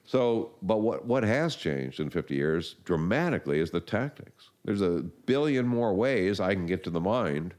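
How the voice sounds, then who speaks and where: Older male interview guest, deep voice, casual and rambling. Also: normal speed, few pauses. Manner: rambling, animated storytelling with restarts. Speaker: marketing guest.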